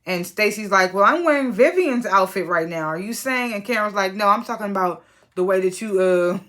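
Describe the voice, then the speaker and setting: A woman casually recapping a reality TV episode, chatty and animated, acting out her own reactions with laughs. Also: medium pitch, a little fast.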